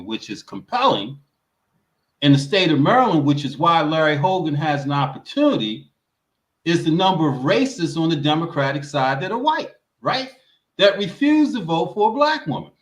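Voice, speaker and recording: A man's voice: fairly high pitch, sing-song, normal speed. A man giving emphatic political commentary on a roundtable, often repeating words as he starts a point. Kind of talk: roundtable discussion. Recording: roomy echo.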